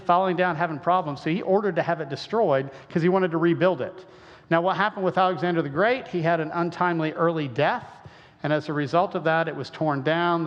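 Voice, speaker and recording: Man from western Illinois, folksy lecturer, slightly high voice, muffled recording with long hall reverb. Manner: folksy, conversational, asks rhetorical questions. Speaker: creationist speaker. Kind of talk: lecture-style talk.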